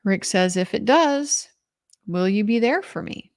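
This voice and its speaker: A middle-aged woman walks through what happened in court that day. She tells it in an animated way and voices the quoted lines in her own plain, mid-range voice. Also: medium pitch, measured pace. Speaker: legal commentator. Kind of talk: recounting courtroom testimony.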